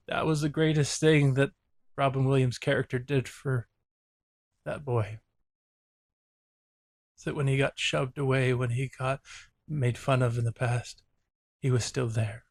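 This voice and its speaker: Earnest man reflecting in an even tone. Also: medium pitch, unhurried, creaky, long pauses, dry recording. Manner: earnest, reflective, openly emotional. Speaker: therapist and show host. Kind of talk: reaction commentary.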